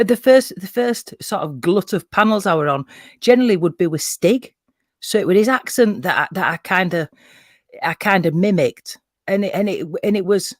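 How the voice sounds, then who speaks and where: A man's voice: high voice, no echo, clean studio sound. A man with a Yorkshire accent, chatting casually as a guest on a livestream panel, sweary and self-mocking with frequent laughter. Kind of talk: casual chat.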